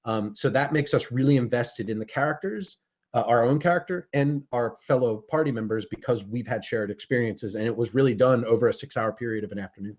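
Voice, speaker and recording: A man's voice: mid-range voice, brisk, a little mellow. A man co-hosting a live podcast as a game master, talking in a rambling, self-correcting way. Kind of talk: casual live-stream chat. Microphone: webcam stream. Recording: dull lo-fi webcam audio.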